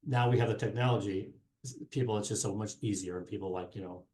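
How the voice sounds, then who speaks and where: Rambling middle-aged man, mellow and roomy. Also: on the low side, fast. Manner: rambling, many fillers and restarts. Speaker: guest, sports marketing specialist and former TV reporter. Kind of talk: casual interview chat. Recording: roomy echo.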